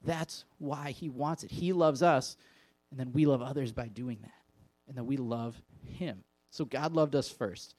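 A man's voice: medium pitch, measured pace, darkish tone, no echo. Man preaching a casual sermon, dry sound. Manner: conversational preaching with reading aloud. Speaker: pastor.

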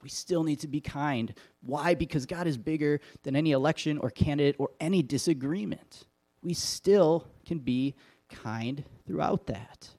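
A middle-aged pastor from Wisconsin, USA, delivers a sermon in an easygoing, conversational manner, weaving in stories full of self-deprecating humor. His voice is on the high side and warm, at a moderate pace.

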